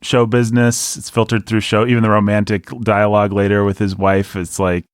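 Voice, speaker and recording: A man's voice: fairly low pitch, little pitch movement, fairly quick, clean tone, dry recording, studio quality. A man co-hosting a casual movie review podcast, talking at length and laughing often as he pokes fun at the film. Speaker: podcast co-host.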